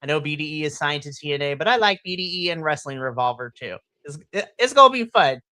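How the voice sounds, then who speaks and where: A man co-hosting a wrestling podcast, chatting casually and excitably, swearing and acting out his reactions. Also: a little high, quick pace, no room sound. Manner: excitable, swears, animated retellings with shrieks and laughs. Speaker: podcast co-host. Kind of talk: casual wrestling recap chat.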